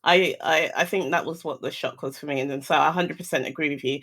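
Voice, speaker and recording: A woman's voice: deep voice, quick pace. Candid woman chatting. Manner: candid, animated storytelling with acted-out quotes. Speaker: guest. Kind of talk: casual chat.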